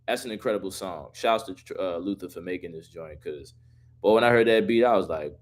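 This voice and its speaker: A man's voice: deep voice, brisk. A man hosting a live stream in loose, profane casual chat, reading viewer questions and talking through his song.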